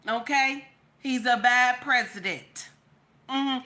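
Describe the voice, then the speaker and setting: A woman's voice: high voice, slow pace, pushed and bright. A young woman hosting a casual live-stream talk show, sassy and chatty, calling her viewers baby and honey. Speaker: podcast host.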